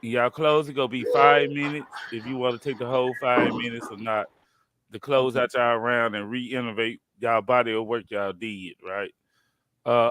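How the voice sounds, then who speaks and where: A man moderating an online debate, laying out the rules in a relaxed, drawling way. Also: mid-range voice, rough recording. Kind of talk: casual moderating.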